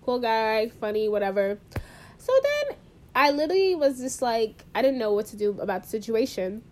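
A woman co-hosting a podcast in casual chat, playful and quick with quips. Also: on the high side, big pitch swings, a little mellow. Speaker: podcast co-host.

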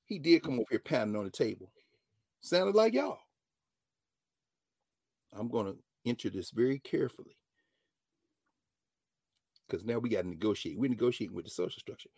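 A man, a professor telling a story in an animated lecture and acting out the dialogue. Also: fairly quick, pauses often, breathy edge, no room sound, studio quality. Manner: dramatic, acts out dialogue, swings from low mutters to loud exclamations. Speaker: professor hosting a class-style show.

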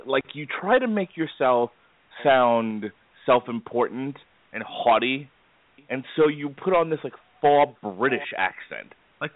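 A man's voice: mid-range voice, no echo. A man hosting a casual movie chat podcast, rambling with many fillers and laughing often. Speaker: podcast host. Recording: tinny phone-like dry sound.

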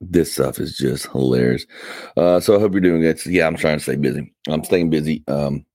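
A man's voice: a bass voice, moderate pace, a little mellow, dry recording, studio quality. A tired man hosting a casual podcast, rambling and interrupting himself with wry asides. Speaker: podcast host. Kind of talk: casual chat. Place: Atlanta area.

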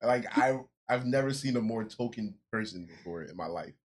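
A man's voice: fairly low pitch, animated, normal speed. A man co-hosting a podcast in casual chat, speaking bluntly with plenty of profanity. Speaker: podcast co-host.

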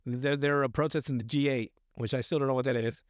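A man's voice: mid-range voice, fairly even intonation, fast talker, no echo, clean studio sound. A man casually recapping a film on a podcast, rambling, swearing often and acting out the characters' lines. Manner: rambling, profane, acts out quotes. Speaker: podcast co-host.

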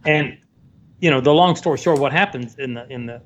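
A man working as a photographer, telling a story in a casual, animated way and acting out the voices of the people in it. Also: medium pitch, brisk. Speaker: photographer guest. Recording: dull lo-fi sound, faint background noise.

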